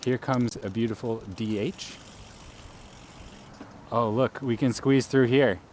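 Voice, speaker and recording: A man's voice: medium pitch, fairly even intonation, slow, a little mellow, a little hiss or hum. A man live-streaming outdoors while cycling through city streets, chatting casually with his viewers.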